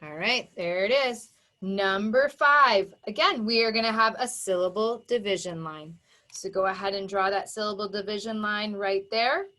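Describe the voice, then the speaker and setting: A woman teaching a phonics lesson to young children, sounding words out slowly and emphatically and praising their work. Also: medium pitch, pushed and bright. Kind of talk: slow, exaggerated phonics dictation for young children.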